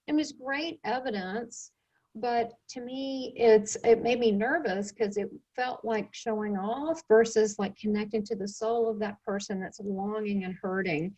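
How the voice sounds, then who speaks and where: A woman hosting an interview show, talking in a chatty, animated way, full of asides. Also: mid-range voice, unhurried. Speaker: show host. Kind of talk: casual interview chat.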